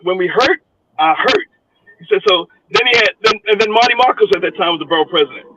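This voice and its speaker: High-voiced New man on lo-fi radio. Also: fast, a loud crowd. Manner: storytelling, acts out quoted voices, laughs often. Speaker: guest, foundation director. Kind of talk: radio talk show interview. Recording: lo-fi noisy radio broadcast.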